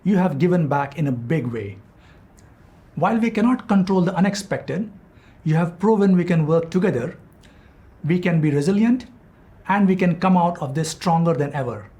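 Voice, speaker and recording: A man's voice: on the high side, animated, moderate pace, mellow. A man reading a prepared welcome address to donors, formal and grateful. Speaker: school head giving a welcome.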